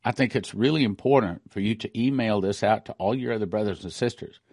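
A man's voice: fairly low pitch, a little fast, a little mellow, breathy edge, no echo. Emphatic middle-aged man, dry close sound. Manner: emphatic, rereads and repeats points. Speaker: commentator. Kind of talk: prophecy-minded news commentary.

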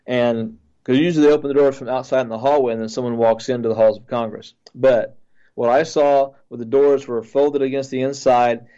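A man, a pastor, earnestly recounting a dream in a halting way with many restarts. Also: mid-range voice, steady tone, dark tone, clean tone, dull audio.

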